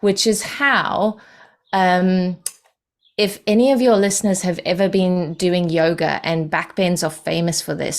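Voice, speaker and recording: Woman, lower pitch, calm, patient explainer, podcast guest. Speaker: podcast guest, energy healing practitioner. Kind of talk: explanatory interview talk.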